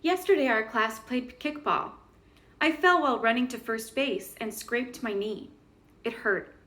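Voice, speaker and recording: Woman reading a children's book aloud in a high, gentle voice. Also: unhurried. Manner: gentle storybook reading with questions to the listener.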